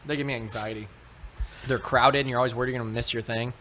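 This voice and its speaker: A man from Texas, telling a story in casual podcast chat, animated and swearing often. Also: mid-range voice, quick pace, slight background noise. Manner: animated, swearing, acts out quoted voices. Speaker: podcast co-host.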